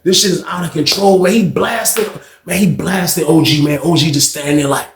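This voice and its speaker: A man telling a story in a casual, animated, slangy way, with plenty of swearing. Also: on the high side, moderate pace, vocal fry, slight background noise. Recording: echoey room.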